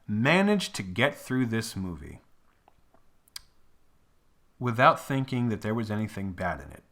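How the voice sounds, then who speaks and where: Young male host, bright edge in the voice, profane, rambling, laughs a lot. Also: medium pitch, very animated, a little slow, long pauses. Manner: profane, rambling, laughs often, breaks into exaggerated impressions. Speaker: movie reviewer host. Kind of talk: casual solo movie rant.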